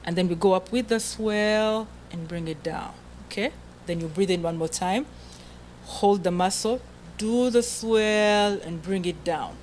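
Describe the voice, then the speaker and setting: A woman coaching a choir's breathing in an indoor rehearsal room, with a faint hum of room sound behind her. Her pitch sits in a middling range. She counts aloud, gives short commands and keeps checking in with the group. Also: darkish tone, rough recording. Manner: coaxing, checks in often with "okay?". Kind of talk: group breathing and singing lesson.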